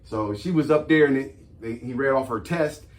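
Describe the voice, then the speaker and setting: A man hosting a casual talk, reading points from a list and breaking off into animated, slangy stories told straight to his audience. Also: mid-range voice, normal speed. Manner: animated storytelling, slangy, addresses audience as y'all. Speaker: host.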